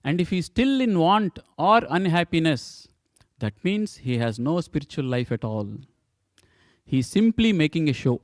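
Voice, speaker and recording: A man's voice: on the high side, sing-song, normal speed, no echo, studio quality. A man giving a temple scripture class, emphatic, repeating points and asking rhetorical questions.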